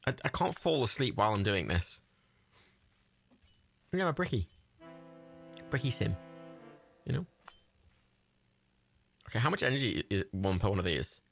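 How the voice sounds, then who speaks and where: A man's voice: on the low side, very animated, moderate pace, creaky, long pauses, soft background music. A young man chatting casually while playing a building game, often confused, laughing and swearing. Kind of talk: casual gameplay chat.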